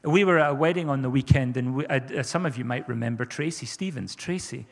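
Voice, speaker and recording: A man's voice: medium pitch, fairly quick, long reverb tail. A man preaching a sermon as pastor, fervent and repeating his phrases for emphasis.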